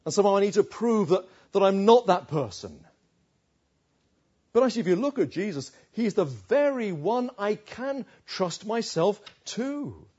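A man's voice: high-pitched, very animated, moderate pace, mellow, slightly rough, lo-fi sound. A man preaching a sermon in an emphatic way, often asking rhetorical questions.

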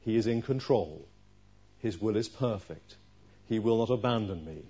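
A man preaching a sermon, pressing his listeners with rhetorical questions and moving between forceful, raised lines and quiet, low ones. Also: animated, normal speed, slightly rough. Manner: earnest preaching with rhetorical questions, swinging from loud to hushed. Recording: dull lo-fi recording.

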